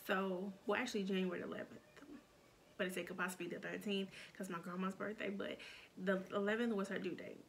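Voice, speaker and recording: A young woman telling a painful personal story in a halting, emotional way, with many restarts and fillers. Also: medium pitch, vocal fry, slight background noise. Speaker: storytime vlogger.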